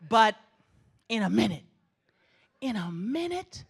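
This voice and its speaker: A woman's voice: a little high, sing-song, moderate pace, fairly bright tone. A middle-aged woman giving a spirited commencement address on a theatre stage, with an emphatic preaching cadence and repeated exhortations. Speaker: graduation ceremony speaker.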